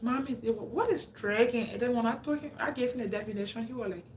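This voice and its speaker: A woman's voice: on the high side, very fast, a little hiss or hum. A woman from Africa with an African English accent, chatting casually and talking straight to her viewers on a live stream. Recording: echoey room, faint ambience.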